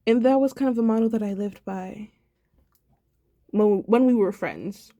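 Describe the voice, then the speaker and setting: A woman's voice: medium pitch, a little slow, mellow, no room sound, lo-fi sound. A sad, subdued young woman in a personal video diary, talking reflectively and rambling with many fillers. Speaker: vlogger.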